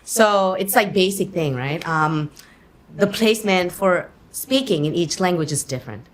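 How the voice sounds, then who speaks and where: A Thai-born woman whose first language is Thai, chatting in an interview as a guest, animated and quick to laugh, with plenty of fillers. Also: on the low side. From Thailand. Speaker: actor and guest. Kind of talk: casual interview chat.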